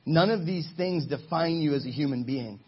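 A man in his thirties preaching a sermon to his congregation in a church, energetic and exhorting, calling for answers from the pews. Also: a little high, normal speed, breathy edge, dull audio. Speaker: pastor. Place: church sanctuary.

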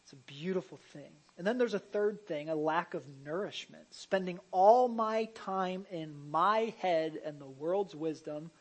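High-voiced man preaching a sermon. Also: poor audio. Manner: conversational preaching with repeated restarts and sudden loud emphasis; jokey asides to the congregation. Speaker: pastor.

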